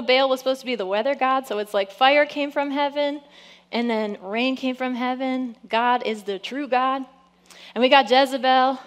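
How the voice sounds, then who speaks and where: Animated woman preaching a sermon. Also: high-pitched. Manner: lively preaching, acts out quotes, frequent "come on". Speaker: pastor.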